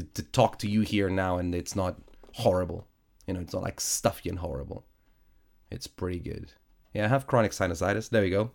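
A man whose first language is Portuguese, hosting a solo podcast in a casual, rambling chat with a stuffy nose from sinusitis. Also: lowish voice. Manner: rambling, self-correcting, chatty with frequent fillers. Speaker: podcast host. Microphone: studio podcast microphone.

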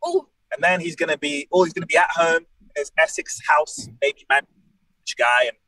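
A wrestler in his late 20s, appearing as a guest on a podcast, tells jokey stories in an animated, casual way. His voice is fairly high and his pace normal. There's no echo, but the audio quality is poor.

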